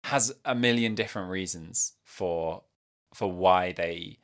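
A man with a very deep voice hosts a relaxed conversation about faith. He reasons aloud thoughtfully, hedging with frequent fillers. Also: takes it slowly.

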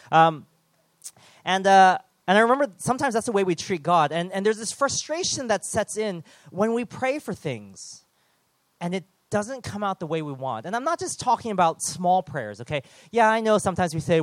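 A man's voice: high-pitched, very animated, normal speed, no echo. A man preaching an earnest, conversational sermon with self-deprecating asides.

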